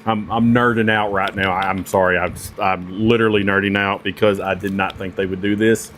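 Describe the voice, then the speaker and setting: Man, casual knife review vlog, excitable, gushing, lots of ums, faint hum behind. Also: low voice, brisk. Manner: excitable and gushing, with many fillers and restarts.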